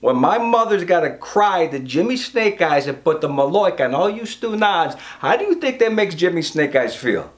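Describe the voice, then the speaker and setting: A man's voice: high-pitched, very animated, normal speed, few pauses. A brash, profane man, performing a comic monologue as a construction boss scolding his crew. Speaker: comedian playing a construction boss.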